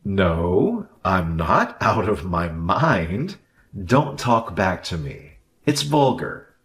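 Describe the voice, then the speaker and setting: A man voicing a selfish, condescending husband who blames his wife, in an animated drama. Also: deep voice, extremely slow, heavily acted. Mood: defensive. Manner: condescending, dismissive, then backpedaling. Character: selfish arrogant husband who loves fishing. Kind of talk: animated story voice acting.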